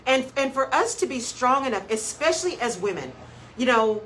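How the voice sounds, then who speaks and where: A woman's voice: high voice, sing-song, moderate pace, a bit bright, slight background noise, poor audio. A woman hosting a live motivational radio talk show, speaking emphatically and repeating key phrases in a preaching rhythm, greeting listeners by name as she goes.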